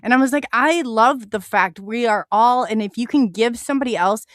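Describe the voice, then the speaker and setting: A woman's voice: a little high, no room sound, clean studio sound. A woman hosting a podcast, chatting casually and readily affirming her guest. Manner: warm, agreeable, quick to affirm. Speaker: podcast host. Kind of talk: casual chat.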